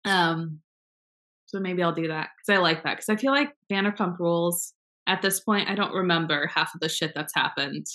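A woman's voice: lowish voice, moderate pace, sharp tone. A young woman co-hosting a casual chat, talking frankly and rambling, with plenty of swearing.

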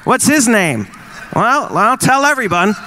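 A married man in his forties doing stand-up comedy, teasing the crowd and acting out quick exchanges in wry bits. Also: high-pitched, very animated, noisy background. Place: live venue with an audience.

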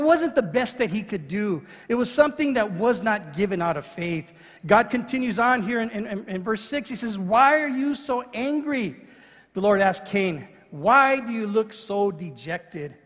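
Male pastor, high pitch, conversational sermon delivery with restarts, long reverb. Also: fairly bright tone. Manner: conversational preaching with frequent restarts.

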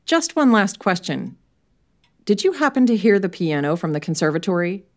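A woman voicing a calm male police inspector who asks his questions evenly and precisely. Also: mid-range voice, normal speed. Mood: probing.

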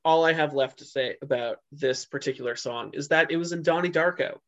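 A man's voice: a little high, a little fast. A man co-hosting a podcast in a casual chat, rambling with lots of fillers and restarts. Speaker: podcast co-host. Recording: dull lo-fi sound.

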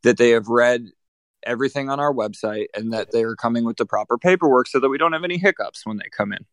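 A man at an ordinary pitch recounts a run-in at his piercing studio in a blunt, swearing, animated way. The sound is dry and close, with no room around it. He talks like he is chatting across a table. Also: quick pace, dry recording. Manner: blunt, profane, animated anecdote-telling. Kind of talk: casual storytelling.

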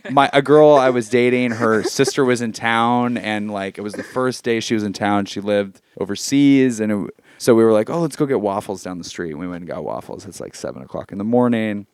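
A man's voice: lowish voice, fairly quick, few pauses, clear, resonant tone, dry recording. A man telling a story casually among friends, laughing often and swearing freely.

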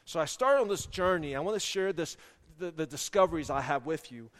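A lively man in his thirties preaching with plenty of humor and animated storytelling. His voice sits somewhat high for a man. Long hall reverb trails behind every phrase in the church. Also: fairly quick. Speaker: pastor. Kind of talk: sermon with personal stories. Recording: echoey hall.

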